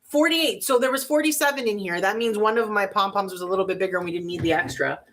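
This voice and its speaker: A woman's voice: mid-range voice, fast, a bit bright, slight background noise. A woman giving a casual crafting tutorial, chatty and bubbly with giggly asides. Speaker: craft vlogger.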